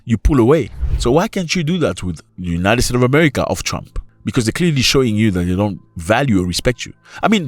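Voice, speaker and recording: A fervent man from Africa delivers his commentary with a fairly low voice. The sound is close and dry, with no room around it. He keeps driving his points home with pointed rhetorical questions. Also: no echo. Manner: impassioned, full of rhetorical questions. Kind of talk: opinion commentary.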